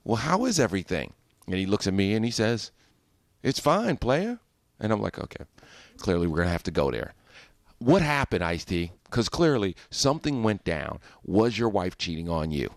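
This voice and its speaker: A man's voice: low-pitched, big pitch swings, brisk, no echo. A man working as an entertainment correspondent, telling a story on a radio morning show and acting out both sides of the conversation. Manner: acts out both sides of quoted exchanges. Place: radio studio.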